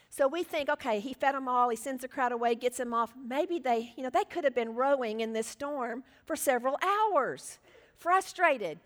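A woman in her sixties teaching a Bible study, earnest and animated, laughing now and then. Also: a little high, big-room sound.

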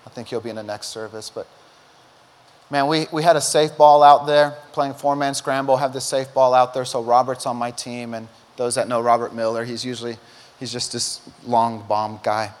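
A man's voice: medium pitch, normal speed. A middle-aged male pastor preaching a sermon, telling stories animatedly and acting out quotes. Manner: animated storytelling, acts out quotes. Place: church auditorium. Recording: long hall reverb.

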